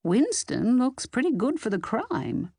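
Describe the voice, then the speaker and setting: A woman reading the part of an older woman friend who reasons things out briskly. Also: a little high, wildly swooping pitch, creaky, dark tone, slightly rough, dry recording, studio quality, pitched above the performer's own voice, exaggerated voice.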